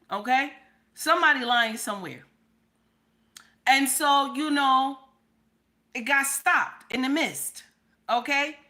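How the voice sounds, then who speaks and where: A woman's voice: fairly high pitch, bright, forceful tone. A woman hosting a livestream, talking in a sassy, repetitive, profane way while coughing from a cold. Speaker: commentary host. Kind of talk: livestream commentary.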